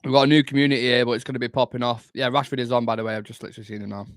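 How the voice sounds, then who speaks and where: Rapid-fire and medium-pitched with little pitch movement, a young man from Manchester, England, swears and jokes with his chat. He is hosting a casual football watchalong livestream for a fan channel, pressed right up against the mic.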